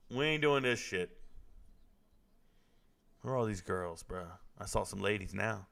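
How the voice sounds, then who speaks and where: A man's voice: on the low side, animated, unhurried, creaky, pauses often, a bit bright. Chatty joking man reacting live. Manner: joking, loose and chatty, talking to viewers in chat. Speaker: live-stream host reacting to a fight. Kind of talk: casual live reaction commentary.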